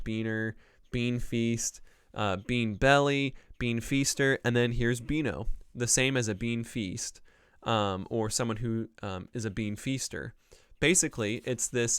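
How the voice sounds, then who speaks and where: A man's voice: medium pitch, clear, resonant tone, no room sound, studio quality. A man hosting a casual solo podcast, talking in a rambling way with frequent ums and likes. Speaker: podcast host.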